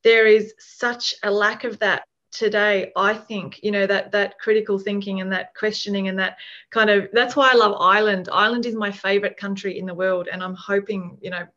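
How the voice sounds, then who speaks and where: A woman's voice: mid-range voice, fairly even intonation, normal speed, a bit bright. A woman musing in a casual conversation, thinking aloud with lots of fillers and restarts. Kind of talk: reflective casual chat. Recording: dull lo-fi recording.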